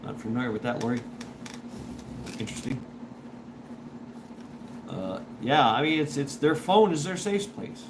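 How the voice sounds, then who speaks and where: Chatty man with lively pitch over background noise. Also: unhurried, pauses often. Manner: chuckling, stop-start, repeats words. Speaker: livestream host reading chat. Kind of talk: casual rambling livestream talk.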